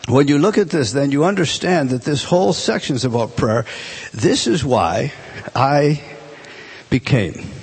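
A man teaching a Bible class, emphatic and animated, restarting phrases often as he explains a text. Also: medium pitch, creaky, slightly rough.

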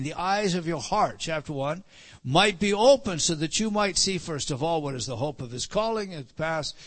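A man's voice: on the high side, fairly bright tone. A man preaching a Bible teaching sermon, with frequent restarts and repeated words, rising for emphasis on key phrases.

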